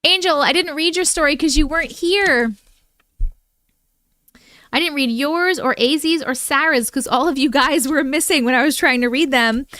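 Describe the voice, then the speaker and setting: High-voiced woman reading stories on a livestream. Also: moderate pace, pushed and bright, dry recording. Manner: chatty, breaks into her own reading with startled reactions. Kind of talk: casual live chat and reading stories aloud.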